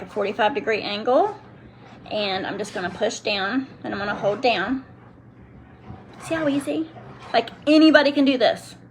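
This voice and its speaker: With a medium-pitched voice and slight background noise, a middle-aged woman demonstrates a nail product on a live stream. She's chatty and keeps interrupting herself mid-sentence, addressing both her viewers and kids.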